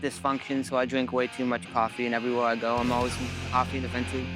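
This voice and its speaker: A man's voice: mid-range voice, completely flat delivery, very fast, over music. A man interviewing a band, chatty and enthusiastic, joking as he asks questions. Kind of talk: casual interview.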